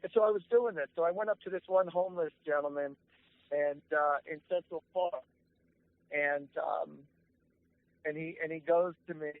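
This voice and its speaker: A man, a guest medium telling a casual story in an earnest, halting way, with many restarts. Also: on the high side, steady tone, dry recording. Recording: tinny phone line.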